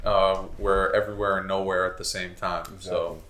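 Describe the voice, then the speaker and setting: A man's voice: deep voice, flat delivery, normal speed, bright, forceful tone, reverberant. A young man from co-hosting a podcast, joking crudely and laughing at his own lines. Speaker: podcast co-host. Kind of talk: casual chat.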